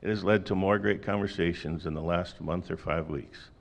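A man's voice: sits low, fairly even intonation, moderate pace, gravelly. A middle-aged man preaching a sermon in a conversational way, with folksy asides and rhetorical questions. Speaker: pastor.

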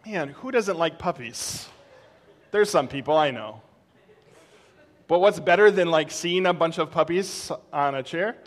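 Male pastor, 30s-40s, higher voice, conversational sermon delivery with easy laughs. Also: a little slow, pauses often. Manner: conversational and animated, with laughs and fillers. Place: church sanctuary.

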